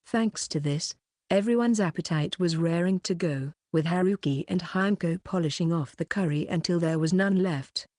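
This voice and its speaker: A woman narrating a light novel audiobook in an even, measured reading. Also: fairly low pitch, dry recording, clean studio sound. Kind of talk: scripted narration.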